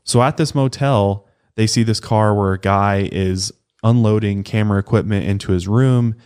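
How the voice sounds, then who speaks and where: A man's voice: lowish voice, normal speed, smooth. A man co-hosting a podcast, casually recounting a true-crime case and swearing now and then. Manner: relaxed, swears casually, acts out quotes. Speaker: podcast co-host.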